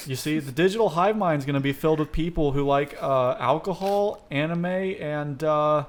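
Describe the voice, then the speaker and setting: A young man hosting a casual comedy podcast, telling dark, absurd stories and laughing often. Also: fairly high pitch. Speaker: podcast host.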